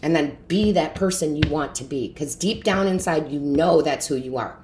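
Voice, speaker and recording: A woman with a notably low voice delivers an intuitive tarot reading to her viewers. She speaks with earnest, heartfelt feeling and keeps checking in with a quick "right?" or "okay?". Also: a little mellow, slight background noise. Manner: earnest, emotional, often asks "right?" and "okay?". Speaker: tarot reader and medium.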